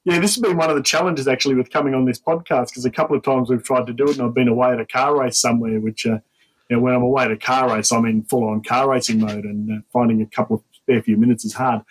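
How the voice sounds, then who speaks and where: A man's voice: mid-range voice, steady tone, fast, husky, rough recording. An Australian man, a podcast guest, chatting and explaining at length over a video call. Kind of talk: casual interview chat.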